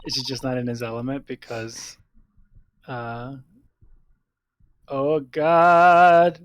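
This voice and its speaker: A man's voice: medium pitch, steady tone, slow pace, clear, resonant tone, dry recording, highs cut off. A man casually commenting on a game while streaming, joking and laughing often. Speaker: let's play streamer.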